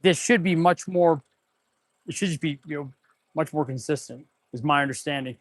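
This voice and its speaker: A man who runs an auto repair shop, chatting casually and excitedly on a livestream while he tests parts, rambling to viewers as he works. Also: a little high, moderate pace, no room sound. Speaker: auto mechanic and shop owner hosting a livestream. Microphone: clip-on mic.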